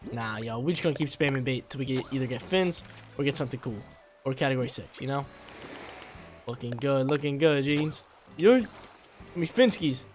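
A young man giving casual gameplay commentary as a channel host, slangy and excitable, breaking into loud yelps. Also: mid-range voice, a little fast, long pauses. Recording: faint music under voice.

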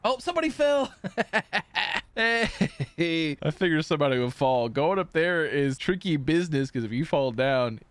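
A fairly high-voiced young man gives running live commentary while he plays a shooter game on stream. He taunts the other players in a playful way and breaks into sudden excited yells, then drops back into quick, loose chatter. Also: clean tone. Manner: excitable, taunting banter with bursts of yelling. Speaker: gaming streamer.

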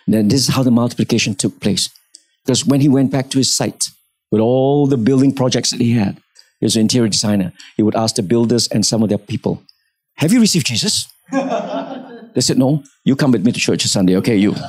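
A man preaching a sermon in church, telling a story with animated delivery and acting out the people in it. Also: medium pitch, fairly quick, no room sound. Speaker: pastor.

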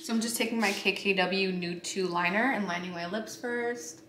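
A beauty and lifestyle vlogger in her twenties chats bubbly and straight to camera in a mid-range, fairly bright voice, keeping a steady tone and moderate pace. The room is echoey with faint ambience and a little hiss or hum.

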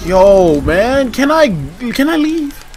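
A young man streaming a horror game, excitable, yelping and pleading with the enemies. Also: very high-pitched, slow. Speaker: gaming streamer. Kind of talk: let's play commentary. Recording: game music behind voice. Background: horror game music.

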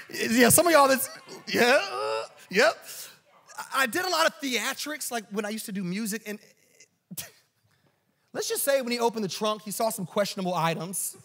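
A man preaching a storytelling sermon in a church, animated and joking. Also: high voice, husky. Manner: animated and joking, acts out quoted voices. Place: church auditorium.

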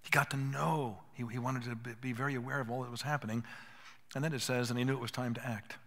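A man's voice: mid-range voice, steady tone, fast talker, a bit bright. Earnest older man teaching in a hall. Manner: earnest, emphatic, acts out quoted dialogue. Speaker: conference speaker. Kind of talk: teaching talk to a live audience. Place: conference hall. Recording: hall reverb.

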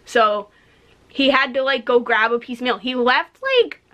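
A woman's voice: sits high, lively intonation, a little slow, sharp tone, dull audio. A young woman from the United States, a cashier ranting bluntly about customers in a casual vlog, swearing freely and saying "like" a lot. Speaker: vlogger, retail cashier.

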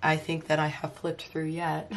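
A woman's voice: low voice, monotone, measured pace, slight background noise. A woman host giving a casual book flip-through, laughing often and exclaiming in amusement, her voice strained because talking hurts while she is unwell. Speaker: coloring book reviewer.

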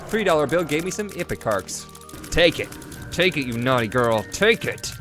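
A young man commenting on his own game run, excitable, swinging from quick mumbles to loud whoops and swearing freely. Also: a little high. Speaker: gaming YouTuber. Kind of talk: Let's Play commentary. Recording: game music playing behind.

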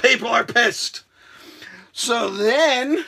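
A man vlogging from a room at home, telling stories in a profane rant that bursts into shouting and drops into hushed asides. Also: high-pitched, sing-song, normal speed, breathy edge. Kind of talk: ranting vlog storytelling.

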